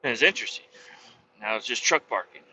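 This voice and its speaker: A man, a truck driver, telling road stories in a casual, profane and animated vlog from his truck cab, with a dull lo-fi sound. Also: mid-range voice, quick pace, slight background noise.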